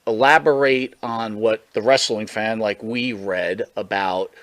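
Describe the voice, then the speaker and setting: A man's voice: fairly low pitch, steady tone, measured pace, a bit bright, dry recording. A man hosting a wrestling podcast, asking a guest questions with a hesitant manner. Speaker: podcast host. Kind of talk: interview questions.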